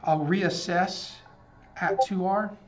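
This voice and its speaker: A young man hosting a trading live stream, calmly talking himself through his decisions and feelings in casual commentary. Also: high voice, slow. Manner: thinking aloud, talking himself through emotions. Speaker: trading livestream host. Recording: dull lo-fi stream audio with faint music.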